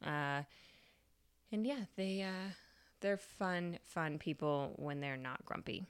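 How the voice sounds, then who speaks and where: A podcast host tells a story in a chatty, casual way, laughing and swearing freely. Her voice is fairly low and clean and she takes her time, on a dry recording.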